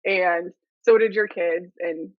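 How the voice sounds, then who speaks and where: A woman's voice: fairly low pitch, steady tone, slow, no room sound, dull audio. A woman podcast host in a casual interview, reflecting on the guest's stories and laughing along.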